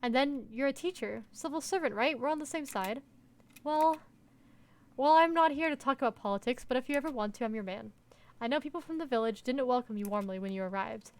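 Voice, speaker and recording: A woman's voice: high-pitched, brisk. A woman voicing a fiery middle-aged male union worker. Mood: earnest. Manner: earnest, rallying speech.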